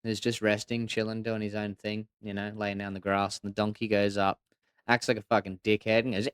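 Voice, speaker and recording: A man co-hosting a casual livestream show, telling stories in a loose, animated way with constant swearing. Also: fairly low pitch, brisk, clear, resonant tone, no room sound. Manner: profane, animated storyteller. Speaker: co-host. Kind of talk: casual podcast chat and storytelling.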